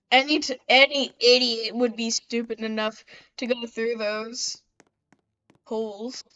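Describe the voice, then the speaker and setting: A woman's voice: on the high side, fairly even intonation, takes it slowly, a bit bright, highs cut off. A woman giving let's-play commentary, chatty and talking back to the game characters as she plays. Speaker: gamer.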